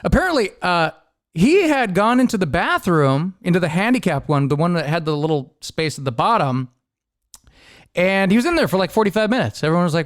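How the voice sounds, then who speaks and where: Animated, laughing podcast host man. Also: sits high, a little fast, dry recording, clean studio sound. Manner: laughing often, animated storytelling with impressions. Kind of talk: casual storytelling chat.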